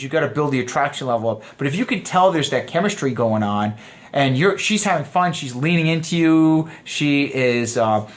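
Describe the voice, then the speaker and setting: A man teaching a dating course in a loose, conversational way, often acting out sample lines. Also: fairly high pitch. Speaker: dating coach. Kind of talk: casual course lecture.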